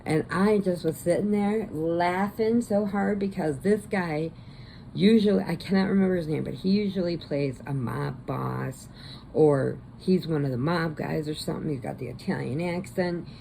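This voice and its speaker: Chatty woman vlogger with a low, gravelly voice; rambling movie recap at home. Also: moderate pace, mellow, slight background noise. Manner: rambling, chatty, laughs often.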